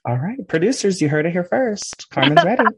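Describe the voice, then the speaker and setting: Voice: medium pitch, very animated, a little fast, breathy edge. An interview host who makes playful, teasing asides. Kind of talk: casual interview chat.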